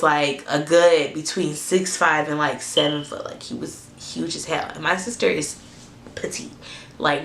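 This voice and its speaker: Young woman, animated storytelling, low voice, echoey room. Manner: animated, swears freely, asides to viewers. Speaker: storytime vlogger. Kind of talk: casual storytelling to camera.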